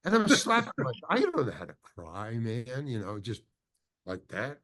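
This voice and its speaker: A man's voice: medium pitch, wildly swooping pitch, normal speed, a bit bright. An older man, an actor as interview guest, telling a long anecdote with many restarts and acted-out quotes. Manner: rambling, full of restarts, acts out quoted dialogue.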